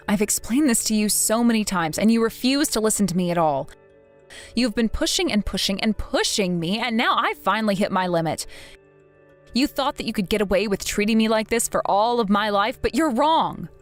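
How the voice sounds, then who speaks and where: A woman speaking firmly and coldly as a daughter cutting off her family in an animated story. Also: a little high, normal speed, faint music behind. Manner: firm and cold. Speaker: narrating daughter.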